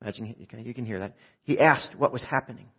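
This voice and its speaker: A man preaching a sermon in a conversational way, swinging from loud shouts down to hushed, quiet speech. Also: mid-range voice, quick pace, husky, highs cut off. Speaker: pastor.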